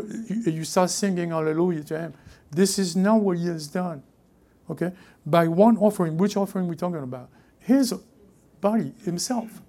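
A man with a French accent preaching a sermon as pastor, emphatic, repeating key phrases and dropping into hushed asides. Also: high voice.

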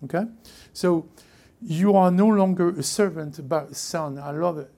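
French-accented male pastor, sermon, gravelly, dark tone, emphatic, hushed asides. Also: a little high, a little slow. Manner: emphatic, repeats key phrases, drops to hushed asides.

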